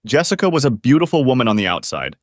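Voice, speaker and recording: Man reading a reddit-style story, earnest, pitch swings around a lot, dead dry sound. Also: big pitch swings, fast, dry recording. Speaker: narrator. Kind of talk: scripted story narration.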